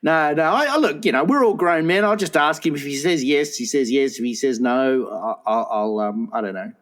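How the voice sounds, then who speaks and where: A man co-hosting a crude comedy podcast, with a slightly high voice. He rambles through his stories with frequent restarts and laughs often. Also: animated, brisk, fairly bright tone. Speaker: podcast co-host. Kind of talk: crude casual comedy chat.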